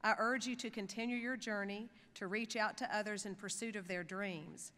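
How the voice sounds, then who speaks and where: A woman addressing graduates at a commencement ceremony in a large hotel ballroom, speaking formally and warmly through a podium microphone. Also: mid-range voice, normal speed. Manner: formal, encouraging, turns lively and playful with the crowd. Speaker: university chancellor addressing graduates. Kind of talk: commencement speech. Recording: reverberant ballroom over PA.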